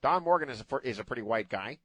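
A man's voice: medium pitch, expressive, quick pace, fairly bright tone, no echo. A man hosting a talk radio show, talking in a sarcastic, mocking way into a studio microphone.

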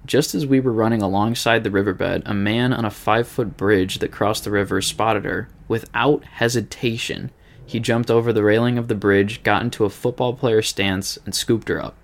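A man's voice: lowish voice, fairly even intonation, normal speed, gravelly. A man with a Midwestern American accent, co-hosting a podcast and reading a listener story aloud, joking and swearing freely between lines.

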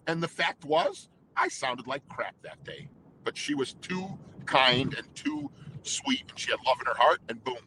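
A man being interviewed about his life as an anthem singer speaks a little slowly in a mid-range voice with wildly swooping pitch. He's candid and emotional, rambling through restarts and quoted inner dialogue against a noisy background.

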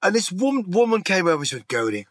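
A man's voice: high-pitched, animated, very fast, a bit bright, no echo. A middle-aged man from England telling his life story in a candid, rambling interview, swearing freely and restarting his sentences. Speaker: interview guest.

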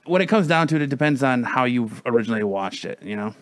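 A man's voice: mid-range voice, lively intonation, fast, no room sound. A man chatting casually, rambling with many restarts, fillers and some swearing. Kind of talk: casual chat.

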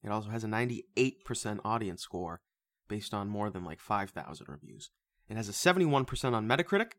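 A man hosting a casual movie review podcast, animated and swearing freely, who slips into loud mock voices. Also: lowish voice, fast talker. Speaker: podcast host.

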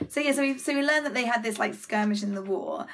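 A woman's voice: a little high, quick pace, a bit bright, slight background noise. A woman co-hosting a podcast, recapping an episode in a rambling, casual way. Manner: rambling recap, many fillers. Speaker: podcast co-host. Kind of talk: casual chat.

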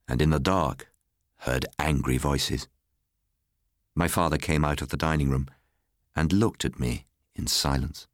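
Deep-voiced man reading a story. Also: no room sound, clean studio sound. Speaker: narrator. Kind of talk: scripted storybook narration.

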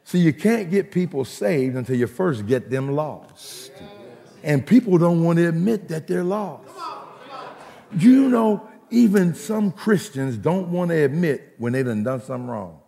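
A man's voice: a little high, animated, unhurried, vocal fry, mellow, big-room sound. A man preaching a sermon as pastor, rhythmic and emphatic, mixing humor with calls to the congregation.

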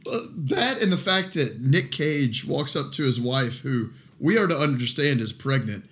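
A man co-hosting a casual movie podcast, excitable and swearing for emphasis. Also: medium pitch, moderate pace. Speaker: podcast co-host. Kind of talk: casual movie-review chat.

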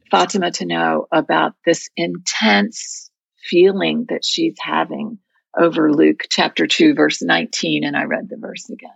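A woman's voice: lowish voice, gravelly, husky, dry recording, muffled recording. A woman guest in an interview telling a story in an earnest, heartfelt way.

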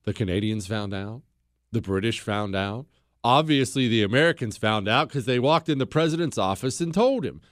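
A man's voice: lowish voice, normal speed, no echo, clean studio sound. A man hosting a talk show, giving an emphatic, blunt history monologue and repeating phrases for stress.

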